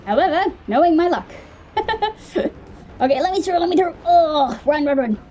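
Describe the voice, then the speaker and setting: A woman giving casual let's-play commentary, excitable, talking to the game characters and reacting out loud. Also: sits high, moderate pace, a little hiss or hum. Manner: excitable, talks to the game, squeals and laughs. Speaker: gamer playing on a video channel.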